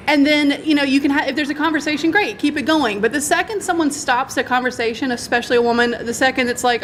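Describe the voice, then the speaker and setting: A woman's voice: high voice, fast talker, fairly bright tone, slight background noise. A woman hosting a convention panel in a casual talk, laughing often and acting out lines.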